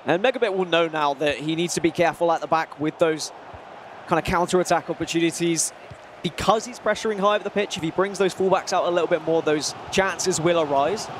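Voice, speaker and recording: A man with a high voice breaks down an esports football match, chatty and explanatory. Faint noise sits behind the recording. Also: a little fast. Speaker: esports analyst. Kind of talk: colour commentary.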